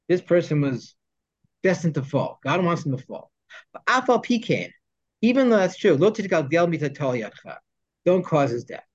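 A man's voice: a little high, big pitch swings, moderate pace. A man teaching a text study class, reading Hebrew phrases and explaining them in English with joking asides. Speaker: Torah teacher. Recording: dull lo-fi sound.

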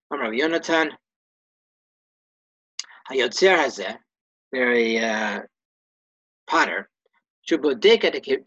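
A man's voice: mid-range voice, a bit bright, dry recording. Man teaching a text class, dull lo-fi sound. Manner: reads Hebrew and Aramaic phrases, then translates them plainly; casual, with frequent restarts and self-corrections. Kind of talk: text-study lesson.

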